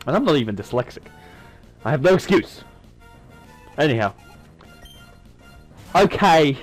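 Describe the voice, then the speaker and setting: A man talks his way through a video game playthrough in a chatty, self-mocking manner. His voice sits a little high and bounces around a lot, with faint music underneath. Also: poor audio. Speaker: gaming YouTuber. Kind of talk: let's-play commentary.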